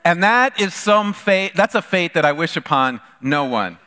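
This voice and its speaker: A man's voice: on the high side, animated, a little slow, pushed and bright, clear, resonant tone. A man preaching a sermon as pastor, conversational and jokey, with fillers and restarts. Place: church sanctuary. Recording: echoey large church hall.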